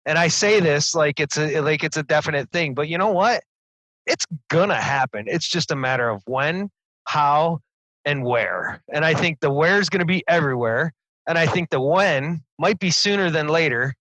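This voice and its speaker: A man's voice: on the high side, a bit bright, no echo, low-quality recording. A middle-aged man co-hosting a casual podcast, enthusiastic, laughing often and repeating words as he talks. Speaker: podcast co-host.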